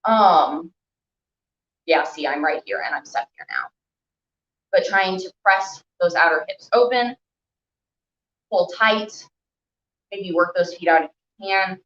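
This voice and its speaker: Slow-paced with long pauses, this young stretching teacher speaks in a fairly low, slightly bright voice. She's chatty, encouraging and heavy on fillers while a bit breathless from holding stretches, in an echoey room recorded with dull lo-fi sound.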